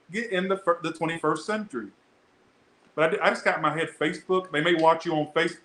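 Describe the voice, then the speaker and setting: A young man gives a casual tarot reading in a bright, forceful voice, talking straight to his viewers. He is chatty, blunt and swears a lot. The sound is echoey, with a faint hiss of room noise. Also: on the high side, steady tone, fast. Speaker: tarot reader.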